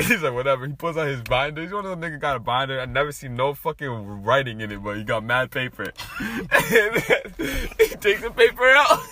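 A young man chatting casually, telling a profane, animated story with big bursts of laughter. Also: medium pitch, fairly quick, few pauses. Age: young adult.

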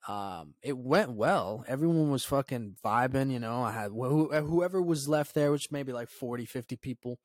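A young man hosting his own podcast, telling a story in a loose, profane, rambling way and dropping to a low mutter when he quotes his own thoughts. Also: expressive, normal speed, hardly any pauses, no room sound. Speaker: podcast host. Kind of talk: casual solo podcast storytelling.

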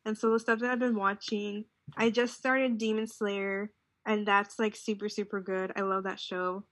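A woman's voice: medium pitch, normal speed, no echo, clean studio sound. A young woman chatting casually as a podcast co-host, rambling and saying "like" a lot. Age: young adult. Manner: relaxed, rambling, heavy use of "like". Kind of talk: casual chat.

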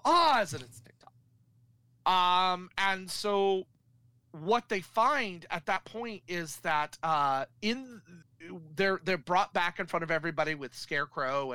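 A man with a bright, forward voice tells a film's story in lively detail, slipping into the characters as he goes. His voice sits a touch high and sounds dry and close. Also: smooth, no room sound, low-quality recording. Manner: animated storyteller acting out characters. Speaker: podcast co-host. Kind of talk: casual film recap.

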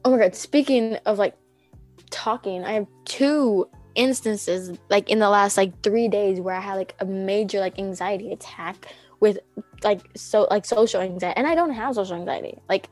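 A woman's voice: medium pitch, moderate pace, a little mellow, faint music behind. A teenage girl co-hosting a podcast, telling anxious stories in a rambling, casual way full of "like" and acted-out quotes. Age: teens. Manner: rambling, heavy use of "like", acts out quotes. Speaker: podcast co-host. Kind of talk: casual chat, storytelling.

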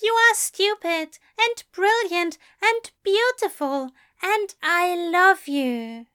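A woman voicing a gentle male angel who speaks with emphatic, drawn-out affection. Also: very high voice, expressive, pitched above the performer's own voice, full character voice. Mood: tender. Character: fond, gentle male angel, scolding tenderly.

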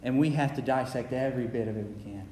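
A man's voice: mid-range voice, quick pace, warm tone, slight background noise. A man preaching a sermon in an earnest, repetitive way, often stumbling and restarting his sentences. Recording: echoey hall, faint ambience.

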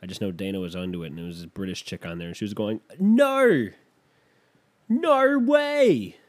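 A man's voice: deep voice, fairly even intonation, racing, a little mellow. A man telling a rambling, self-deprecating story in casual chat, losing his thread and picking it back up.

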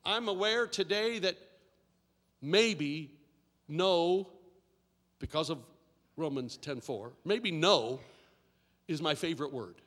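A man preaching a sermon as pastor, telling a story and then building to shouted repetitions and call-and-response with the congregation. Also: a little high, lively intonation, takes it slowly, long pauses. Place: church sanctuary. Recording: long reverb of a large hall.

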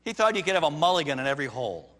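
A man preaching a sermon as pastor, dramatically swinging between loud emphatic lines and hushed ones, acting out the quoted voices. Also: fairly high pitch, very animated, racing. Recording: long reverb of a large hall.

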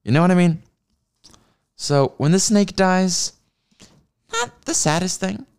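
A man's voice: high voice, sing-song, slow, creaky, noisy background. A man hosting a solo comedy podcast, ranting in a rambling, profane and mocking way. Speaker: podcast host.

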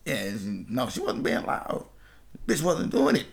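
A podcast host in his thirties, originally from Washington, D.C., recounts a story in loose, profane chat, laughing as he goes. His voice has a gravelly, fry-laced texture at a middle pitch. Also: wildly swooping pitch, moderate pace. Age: 30s.

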